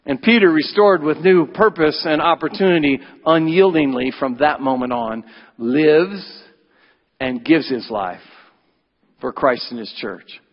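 Male pastor, fairly high voice, emphatic Easter sermon with big swings from loud to hushed; dull recording in a church with a long echo. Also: measured pace. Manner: emphatic preaching, swings between loud rises and quiet drops. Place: church sanctuary.

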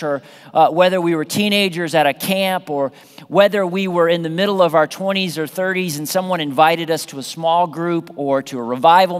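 A pastor from the American South preaching a sermon in an animated, conversational way, often repeating phrases and restarting sentences. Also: male voice, high-pitched, smooth. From Southern United States. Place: church sanctuary. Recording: long reverb of a church hall.

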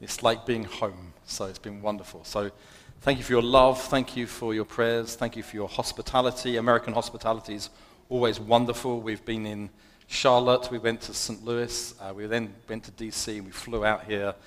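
A man's voice: fairly low pitch, steady tone, normal speed, fairly bright tone. A man with a London accent giving a chatty, self-deprecating sermon as a guest preacher. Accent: London English. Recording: long hall reverb.

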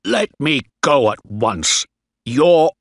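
A man voicing an angry, commanding male ship captain who shouts indignantly. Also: fairly low pitch, very animated, takes it slowly, no echo, studio quality, full character voice.

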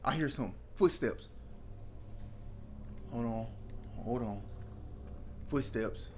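A man doing casual gameplay commentary, excitable, often yelping and shouting at enemies. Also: mid-range voice, takes it slowly. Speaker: gaming video host. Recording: noisy game capture.

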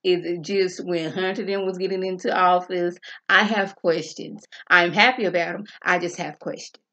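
A woman casually recapping a TV episode in an animated, colloquial way, acting out the characters' lines. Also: fairly low pitch, moderate pace, lo-fi sound. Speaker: TV show reviewer.

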